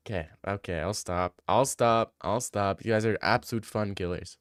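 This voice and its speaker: A man's voice: fairly low pitch, moderate pace, hardly any pauses, no room sound, clean studio sound. A young man from Canada streaming live, reading chat aloud and answering it with sarcastic, laughing banter.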